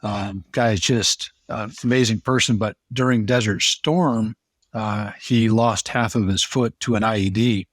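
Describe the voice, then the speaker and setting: A man's voice: fairly low pitch, steady tone, measured pace, no echo. A man, a former police officer and pilot, telling casual anecdotes as a podcast guest with a rambling, restart-filled manner. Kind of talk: casual storytelling.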